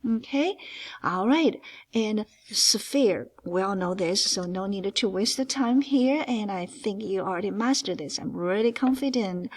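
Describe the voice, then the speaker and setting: Slow, lively-voiced woman math teacher. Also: medium pitch. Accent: non-native English. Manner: emphatic, stretches key words, lively ups and downs. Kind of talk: geometry lesson walkthrough.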